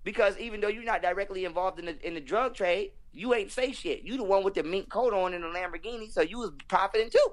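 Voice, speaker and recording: Young man, podcast guest, rapid-fire profane ranting, slightly high voice. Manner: profane, emphatic, preachy ranting. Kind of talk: heated casual conversation.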